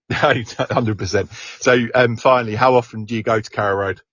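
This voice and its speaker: A man's voice: fairly low pitch, fairly even intonation, a little fast, a bit bright, dry recording, muffled recording. A man hosting a podcast in casual chat, hesitant with many restarts and fillers. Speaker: podcast host.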